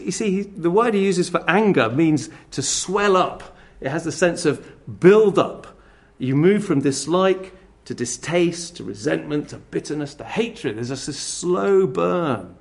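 A preacher with a rather high, gravelly, creaky voice delivers a sermon with pitch that rises and falls dramatically. He swings expressively from loud emphasis to near-whispered asides and acts out scornful attitudes in mocking quoted voices to make his points.

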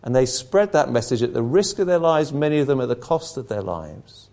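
A man's voice: medium pitch, lively intonation, fairly quick, mellow. A middle-aged man preaching a sermon, emphatic, his intensity rising and falling.

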